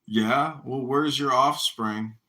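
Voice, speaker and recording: A man trading mocking jabs in casual live stream banter, needling and teasing, swinging between loud jabs and quick muttered asides. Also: medium pitch. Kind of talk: casual trash-talk banter.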